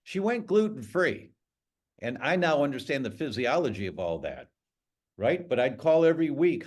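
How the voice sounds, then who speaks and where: A man's voice: mid-range voice, big pitch swings, normal speed, a little mellow. An older man, a guest, telling a personal story with emotion and acting out the dialogue. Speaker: guest speaker.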